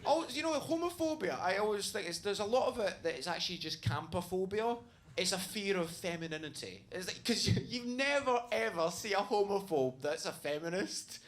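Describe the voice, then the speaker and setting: A man performs stand-up on a comedy stage with a handheld mic, his voice sitting a little high. He tells a story in a chatty, rambling way, tossing in "right?" as he goes. The live sound carries clear background noise. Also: animated, brisk, a bit bright. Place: comedy stage in front of an audience. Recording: live comedy club with audience laughter.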